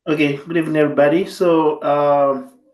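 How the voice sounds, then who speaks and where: A man's voice: on the high side, level tone, fairly quick, darkish tone, reverberant, low-quality recording. A man with a French accent asking a question on a live call, speaking in a hesitant, unsure way. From French-speaking country.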